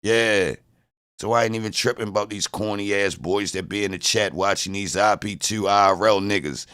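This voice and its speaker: A man's voice: on the low side, fairly even intonation, normal speed, a bit bright, smooth. A man, trash-talking and mocking his chat viewers during a casual livestream rant.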